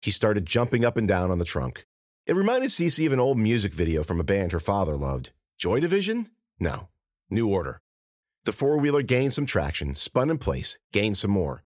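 Male author-narrator, low and animated, dry studio sound. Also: normal speed, no room sound. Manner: expressive, animated reading. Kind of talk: scripted audiobook narration.

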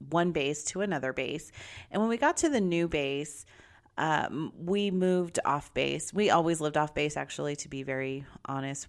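Low-voiced woman telling her story. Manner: candid, bubbly and confiding. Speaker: vlogger. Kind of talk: personal storytelling.

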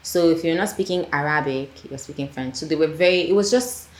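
With a deep voice and brisk delivery, a Nigerian woman filmmaker guesting on a podcast chats casually and acts out quotes like an animated storyteller. The recording has an echoey room sound and faint ambient noise.

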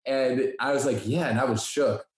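A man co-hosting a podcast, telling a story in a casual, animated way and acting out the dialogue he quotes. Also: medium pitch, moderate pace. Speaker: podcast co-host. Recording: echoey room.

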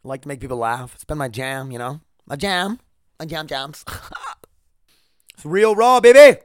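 A man's voice: medium pitch, moderate pace, fairly bright tone, dry recording, studio quality. A man hosting a casual solo podcast, rambling and swearing with jokes, sore and tired after neck surgery. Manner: rambling, profane, joking. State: in pain after neck surgery, wearing a neck brace. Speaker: podcast host.

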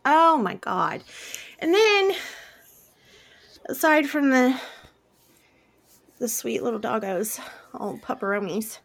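Gushing, expressive woman podcast host. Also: a little high, slow pace, creaky, pauses often. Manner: expressive, gushing, gasps and exclamations. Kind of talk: casual chat.

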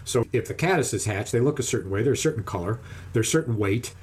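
Husky man telling a fishing story. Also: mid-range voice, fast talker. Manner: animated, acts out other people's lines in raised voices. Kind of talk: casual storytelling chat.

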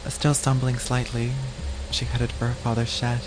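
A man narrating a horror audio drama in a measured, even storytelling voice. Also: mid-range voice, noisy background. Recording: music playing under the voice.

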